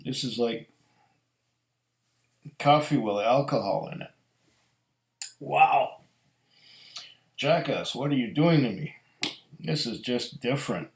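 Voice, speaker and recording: A middle-aged man reviewing whiskey in a slow, musing, storytelling way. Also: medium pitch, lively intonation. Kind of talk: casual tasting review. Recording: echoey room.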